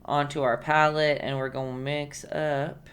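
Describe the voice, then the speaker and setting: A low-pitched woman with a flat, unhurried delivery guides viewers through a live-streamed painting lesson. She chats, offers encouragement, and hums while painting.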